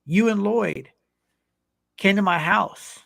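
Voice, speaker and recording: Dude with a high gravelly voice rambling through a cussing story on a podcast, bright and sharp. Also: male voice, takes it slowly. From California. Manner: profane, rambling anecdotes. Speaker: podcast co-host. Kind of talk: casual storytelling.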